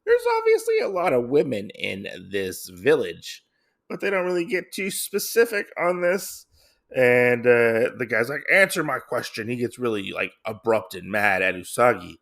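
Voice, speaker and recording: A man's voice: medium pitch, big pitch swings, moderate pace, creaky. A man hosting a podcast, recapping a comic book in a casual, rambling way with lots of fillers and restarts. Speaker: podcast host.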